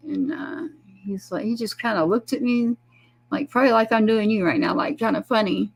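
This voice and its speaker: Very animated at a moderate pace, this woman's mid-range voice has a breathy edge. She's a middle-aged military mother on as a guest, earnestly rambling through a personal story and voicing the people she quotes.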